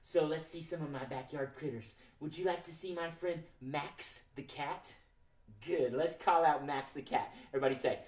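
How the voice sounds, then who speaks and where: A woman hosting a children's show, speaking gently and encouraging the kids watching. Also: low voice, normal speed. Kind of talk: casual children's show, singing and chatting.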